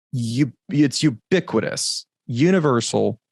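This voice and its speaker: A man hosts a Bible teaching podcast, laying out his points slowly and stressing key words. His voice is mid-pitched, and it sounds dry and close on the mic. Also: vocal fry, slightly rough, dry recording. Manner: deliberate, emphatic, explanatory. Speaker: podcast host.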